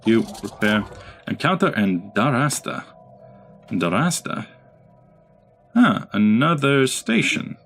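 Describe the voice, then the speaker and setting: A man's voice: mid-range voice, big pitch swings, slow pace, pauses often, a bit bright. A man giving casual gameplay commentary as a let's play host, chatting and talking to his units. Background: game music.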